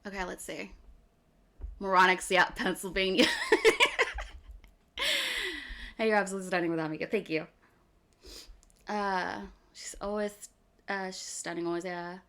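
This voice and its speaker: A woman streamer from outside Philadelphia with a Philly accent, chatting casually with her viewers. She is animated and chatty, laughs often and keeps saying "okay.". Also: fairly low pitch, moderate pace, long pauses. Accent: Philadelphia area. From US East Coast, outside Philadelphia.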